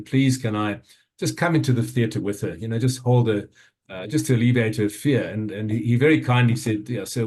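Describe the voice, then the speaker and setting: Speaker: South African man in his fifties, earnest storytelling talk, hesitant with repeated restarts, mid-pitched voice. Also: a little mellow. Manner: earnest, halting, many restarts and fillers. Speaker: summit speaker.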